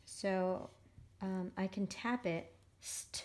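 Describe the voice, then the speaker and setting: A middle-aged woman teaching young children to spell, speaking slowly and with great patience. She breaks each word into syllables and sounds them out one piece at a time, in a mid-pitched voice. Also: fairly even intonation, darkish tone. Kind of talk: phonics lesson for children.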